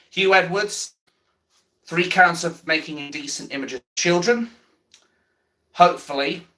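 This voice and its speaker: Brash, animated man ranting. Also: mid-range voice. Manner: blunt, heavy swearing, repeats himself; reads and answers viewer chat. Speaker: livestreamer. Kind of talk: ranting political livestream commentary.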